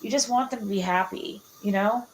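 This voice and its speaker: A woman talks casually in a hesitant, rambling way. Her pitch sits in the middle range. A faint background noise runs under her voice. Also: a little fast, poor audio. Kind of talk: casual chat.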